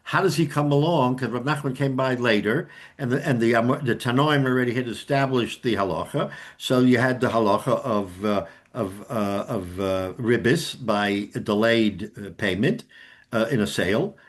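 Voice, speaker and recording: Male rabbi, mid-pitched, talks through a Talmud lesson with restarts and Aramaic terms. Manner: explanatory, many restarts, Hebrew and Aramaic terms. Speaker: rabbi teaching a Talmud class.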